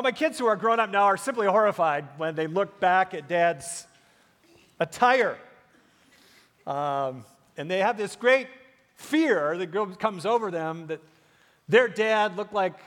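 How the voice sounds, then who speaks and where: A man's voice: high-pitched, a little slow, fairly bright tone. A man in his fifties preaching a sermon as pastor, emphatic and full of rhetorical questions, with frequent "uh" fillers. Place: large church sanctuary. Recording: long hall reverb in a church.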